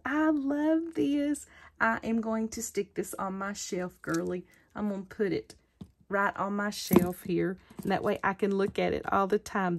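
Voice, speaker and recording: A woman's voice: mid-range voice, darkish tone. A woman hosting her craft channel, chatting casually as she unboxes mail, gushing with thanks and delighted exclamations.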